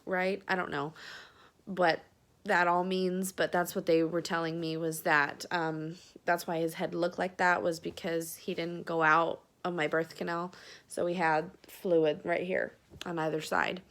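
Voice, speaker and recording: A woman's voice: fairly low pitch, flat delivery, measured pace, a bit bright. A young woman tells a personal story to the camera, close to tears and full of fillers. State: tearful. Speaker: vlogger.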